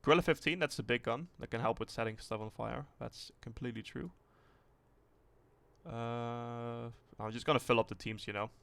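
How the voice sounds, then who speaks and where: A male streamer talks his way through a tank game, thinking out loud in a loose, rambling manner. His voice has a gravelly, fry-heavy edge at an ordinary pitch. He swears now and then, relaxed and unpolished. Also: moderate pace, no echo. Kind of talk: casual livestream commentary.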